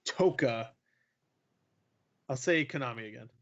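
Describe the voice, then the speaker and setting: A man's voice: mid-range voice, animated, normal speed, a bit bright. A man riffing on a gaming podcast, loose and profane. His voice sits mid-range and comes through a bit dull and lo-fi. The talk is casual banter among friends. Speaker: podcast co-host.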